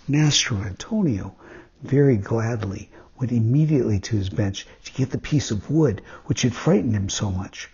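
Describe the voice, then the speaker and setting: In a husky, medium-pitched voice at normal speed, a man reads a classic children's story aloud as a weekly installment. He brings it to life expressively, acting out the quoted speech, over a dull, lo-fi recording.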